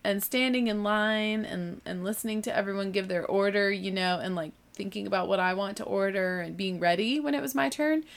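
A woman's voice: medium pitch, fairly quick, vocal fry, hardly any pauses. Young southern american woman telling a story, lots of likes and you knows, laughing at herself. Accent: Southern American, mild. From southern United States. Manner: chatty, lots of "like" and "you know", self-mocking. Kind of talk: casual anecdote.

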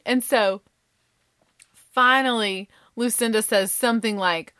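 Woman, casual storytelling, animated, dramatic hushed asides, dry sound. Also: on the high side, measured pace, long pauses, no echo. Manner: animated, dramatic, slips into voices and hushed whispers.

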